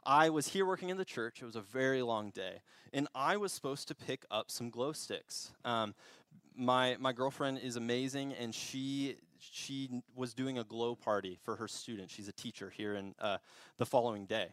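A young man preaches in a relaxed, storytelling way, laughing at himself and restarting phrases as he goes. His voice sits at an ordinary middle pitch. The sound is dry and close. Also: moderate pace, dry recording. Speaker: pastor. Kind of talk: sermon. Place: church.

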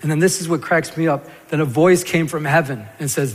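Husky guy preaching, animated storyteller, big echoey church hall. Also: fairly high pitch, fairly quick. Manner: animated storytelling, acts out Peter's stammer. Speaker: pastor. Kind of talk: sermon. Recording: long hall reverb.

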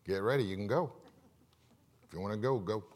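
A male pastor giving an animated sermon in church, asking the congregation questions and acting out stories. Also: fairly low pitch, fairly quick. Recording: long reverb of a large hall.

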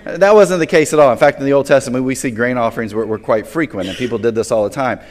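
Male pastor, mid-pitched, casual preaching style, stumbles and repeats words, long hall echo. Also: fast talker, a little hiss or hum. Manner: casual and conversational, repeats words when restarting. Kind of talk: sermon.

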